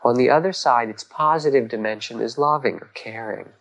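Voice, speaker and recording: A man giving a dharma talk as a meditation teacher, gentle and reflective, pausing often and rising in emphasis on key words. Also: medium pitch, vocal fry, a little hiss or hum, poor audio.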